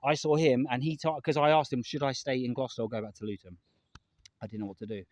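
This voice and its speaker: Fast-talking English man rambling outdoors. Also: mid-range voice, fairly even intonation, darkish tone, no room sound. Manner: rambling, emphatic, repeats himself, swears. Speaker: vlogger. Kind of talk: candid vlog monologue. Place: outdoors in a park.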